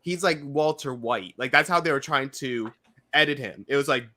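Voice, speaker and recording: A man's voice: mid-range voice, normal speed, sharp tone. A man co-hosting a casual recap podcast, talking loosely and trailing off mid-thought. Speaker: podcast co-host.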